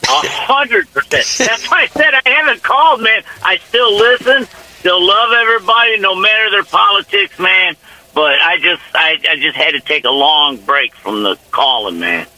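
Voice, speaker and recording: A man's voice: sits high, expressive, moderate pace, bright, forceful tone, poor audio. A man calling into a radio show, folksy and chummy, with a Northwest Indiana accent. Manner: folksy, chummy, calls people man and brother. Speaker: caller. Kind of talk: casual phone-in chat.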